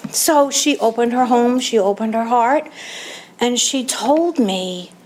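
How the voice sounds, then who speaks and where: A woman's voice: medium pitch, a little hiss or hum. A woman in her fifties or older from New York, giving a candid, self-mocking personal testimony as a recovery meeting speaker.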